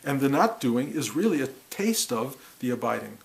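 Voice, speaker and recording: A middle-aged man teaching about awakening in a musing, reflective way, repeating words and breaking into animated bursts. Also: mid-range voice, normal speed, gravelly, poor audio. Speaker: spiritual teacher. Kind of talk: reflective spiritual talk.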